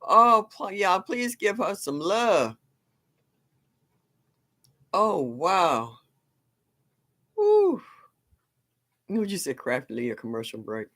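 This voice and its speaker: A woman's voice: lowish voice, expressive, takes it slowly, long pauses, sharp tone. Older woman, live-stream host, folksy, exclamatory, laughs a lot. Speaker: livestream host. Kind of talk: casual live-stream chat.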